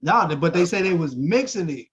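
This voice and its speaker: A man co-hosting a podcast who teases the others in quick slang. His pitch rises and falls widely, giving his banter an animated bounce. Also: husky, dull audio. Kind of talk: casual podcast chat.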